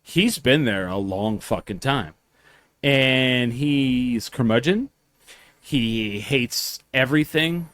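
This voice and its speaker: A man's voice: mid-range voice, animated, slow, a bit bright, no echo. A man hosting a podcast, telling stories in a rambling, profane way and doing voices for the people in them. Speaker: podcast host. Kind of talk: casual chat, storytelling.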